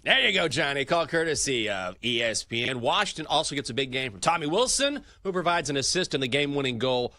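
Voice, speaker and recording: A male sports betting host with a bright, forceful voice that jumps all over the place. His delivery is lively, with quick swings from hype to deadpan asides, recorded close and dry in a studio. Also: medium pitch, no room sound. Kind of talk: energetic sports betting talk show.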